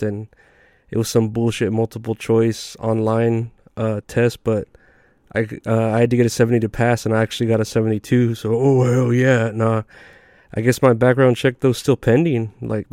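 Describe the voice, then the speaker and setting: A man's voice: mid-range voice, dark tone, clear, resonant tone, dry recording, studio quality. A man hosting a comedy podcast, telling rambling, profane stories in a laid-back, casual way. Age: adult.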